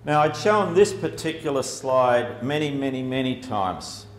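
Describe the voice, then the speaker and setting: A man's voice: mid-range voice, expressive, a little slow. A man giving a chatty, humorous public talk with slides to an audience, with lots of fillers. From Australia. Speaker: speaker. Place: lecture hall before an audience. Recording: echoey hall, faint background noise.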